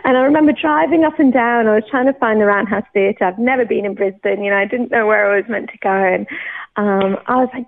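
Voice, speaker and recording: A woman's voice: mid-range voice, fairly quick, gravelly. Woman telling her faith story, tinny. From England. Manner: animated, laughs often, acts out her own quoted thoughts. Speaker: churchgoer sharing her testimony. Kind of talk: personal faith testimony, storytelling. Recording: tinny phone-like sound.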